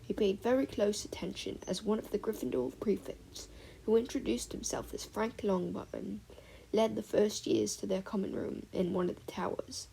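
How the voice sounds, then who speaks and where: A woman reading a fan-fiction audiobook aloud, expressive storytelling with soft breathy passages. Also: mid-range voice, moderate pace, poor audio. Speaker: audiobook reader.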